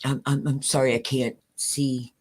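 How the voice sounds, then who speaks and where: An older woman calls in with a very low voice and a slow, unhurried pace. She is hesitant and stammers a little, but stays affectionate. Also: little pitch movement, a little mellow. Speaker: caller. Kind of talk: casual livestream call-in.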